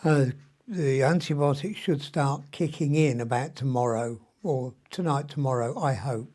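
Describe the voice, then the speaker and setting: A man's voice: medium pitch, measured pace, a little mellow. Tired, rambling older man in his 70s. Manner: chatty, meandering, mild swearing, frequent ums. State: weak and short of breath from illness. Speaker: vlogger. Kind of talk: rambling personal video diary.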